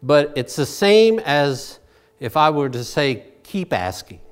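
A man's voice: on the high side, lively intonation, slow pace, smooth. Guy preaching a sermon, folksy, chatty little asides, voice bouncing all over the place. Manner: folksy storytelling with personal asides. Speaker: pastor.

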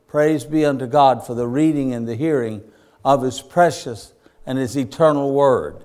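A man preaching a sermon, slow and deliberate, rising to emphatic points. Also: a little high, darkish tone. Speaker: pastor.

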